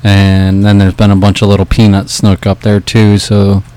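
A man giving a matter-of-fact fishing report on a talk show, steady and plainspoken. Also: on the low side, moderate pace.

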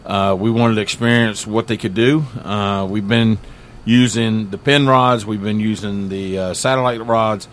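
A man's voice: lowish voice, steady tone, a little slow, a little hiss or hum. A man, a pastor and regular on a fishing talk show, chatting casually and rambling with many fillers. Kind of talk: casual chat.

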